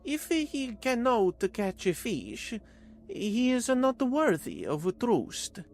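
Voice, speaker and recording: A man plays a stern female alien elder who judges coolly and speaks in short, firm bursts. Her voice sits high and slow, with an unhuman ring, in a storybook sci-fi reading. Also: huge pitch swings, a little mellow, soft background music, exaggerated voice. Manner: terse, measured and firm.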